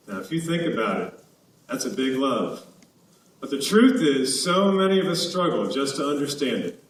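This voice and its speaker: A man's voice: on the high side, a bit bright. Man narrating in an echoey church. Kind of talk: spoken intro to a church skit. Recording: echoey hall from far off.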